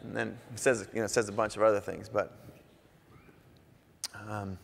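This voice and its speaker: A man giving a casual, animated conference talk on stage, joking and sometimes swearing as he goes. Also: fairly low pitch, normal speed, gravelly. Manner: casual, animated, jokey, swears now and then. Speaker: conference speaker, artist. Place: large conference hall on stage. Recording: long hall reverb.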